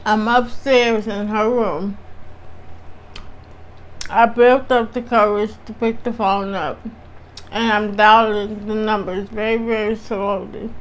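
A woman's voice: medium pitch, little pitch movement, slow, pauses often. A woman vlogger with a strained voice, telling a personal story to her viewers in a candid, chatty way. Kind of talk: casual storytime chat.

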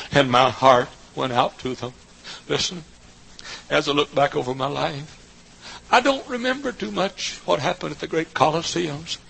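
A man preaching a sermon, going from quiet storytelling to high shouted peaks. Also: creaky, breathy edge, low-quality recording. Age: older. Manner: fiery, swings from soft talk to high shouts. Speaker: pastor.

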